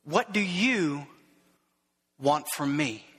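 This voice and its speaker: A man voicing Jesus as a grave, patient figure who asks slow, quiet questions in a reverberant hall. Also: fairly high pitch, lively intonation, husky, pitched below the performer's own voice, heavily acted. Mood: searching.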